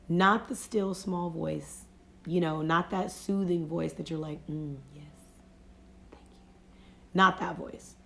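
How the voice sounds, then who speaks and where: Woman, life coach, low and gravelly with vocal fry, reflective and conversational, phone livestream. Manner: reflective, unhurried, peppered with "you know". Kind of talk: casual motivational livestream talk.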